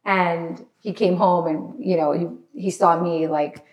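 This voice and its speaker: A woman's voice: lowish voice, fairly even intonation, unhurried, lo-fi sound. A woman guest telling a frightening personal story in a podcast chat, emotional and apologetic, sometimes crying, with many restarts. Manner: tearful, apologetic, restarts often. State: crying at times.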